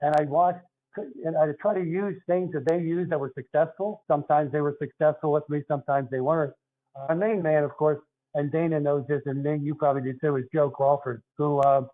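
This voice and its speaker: Older man, philadelphia accent, slightly high voice, earnest storyteller, dull lo-fi sound. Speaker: guest, retired basketball referee. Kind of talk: casual interview talk.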